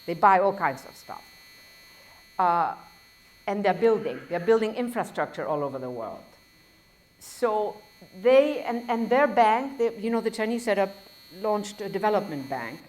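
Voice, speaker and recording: A woman's voice: mid-range voice, big pitch swings, a little slow, darkish tone. Professor with a foreign accent, a woman, lecturing loosely with wry digressions. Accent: foreign accent in English. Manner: discursive, self-correcting, wry asides. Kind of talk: university lecture.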